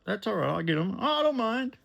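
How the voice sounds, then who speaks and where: A breezy, generous older lawyer, pitched high and lilting, as a storyteller puts him on. His lines are light and reassuring and bounce up and down. He talks like a powerful man who means to be kind. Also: big pitch swings, a little fast, gravelly, fairly bright tone, full character voice. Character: rich, friendly, generous older male lawyer.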